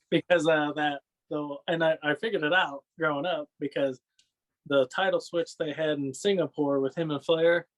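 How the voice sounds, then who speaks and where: A man's voice: fairly high pitch, steady tone, normal speed. A man guesting on a podcast, rambling through stories in casual chat, often adding "you know what I mean" and laughing. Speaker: podcast guest, wrestling fan.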